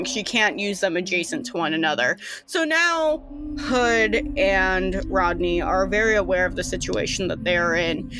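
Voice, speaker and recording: Slow casual woman game master. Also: mid-range voice. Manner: casual, loose, swears, many fillers. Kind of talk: narrating a tabletop game. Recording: music playing behind.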